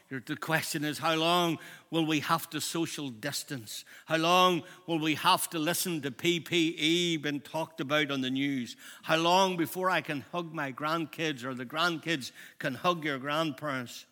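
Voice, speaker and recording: A man, preaching a sermon as a pastor, impassioned and shifting between loud and hushed. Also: fairly high pitch, a little slow. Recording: long hall reverb.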